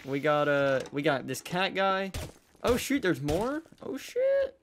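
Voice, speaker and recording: A young man trolling other players in game voice chat, mocking and loud, jumping into squeaky high yelps. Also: sing-song, a little slow, very noisy. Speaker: gaming YouTuber.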